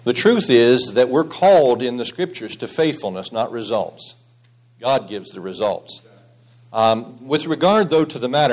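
A man teaching a Bible study group in an earnest, conversational way, often restarting sentences and turning to the class with questions. His voice sits in an ordinary middle pitch, with nothing unusual in its tone. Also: very animated, normal speed, a little mellow.

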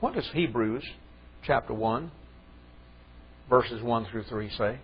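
A man's voice: mid-range voice, slow, breathy edge, highs cut off. A man preaching a sermon in a conversational way that rises into fervent emphasis.

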